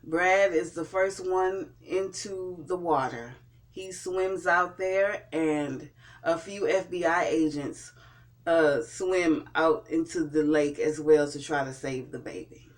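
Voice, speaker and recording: A man's voice: on the high side, slow pace. A man giving a casual spoken recap and review of a TV episode, often repeating and restarting his words. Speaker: TV show reviewer.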